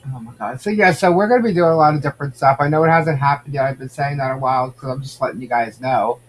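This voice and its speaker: A man's voice: mid-range voice, fast talker, slight background noise. A man hosting a casual podcast, chatting and reacting to viewer comments. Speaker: podcast host. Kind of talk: casual gossip chat.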